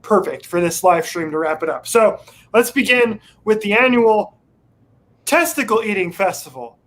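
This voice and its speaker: High-voiced man co-hosting a casual show. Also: expressive, normal speed, a bit bright. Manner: laid-back, profane, wry. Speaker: co-host. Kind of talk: casual chat, reading news stories aloud.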